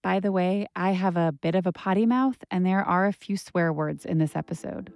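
A woman's voice: on the low side, moderate pace, gravelly, a little mellow, dry recording. A woman hosting a podcast, telling a personal story in a candid, conversational way with lots of "like.". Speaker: podcast host and narrator.

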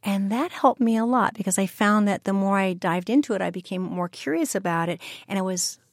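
A woman guest on a radio interview, recounting her experiences with earnest, thoughtful reflection. Her voice is of middling pitch and is recorded dry and close, with no room echo. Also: brisk. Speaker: interview guest, memoir author.

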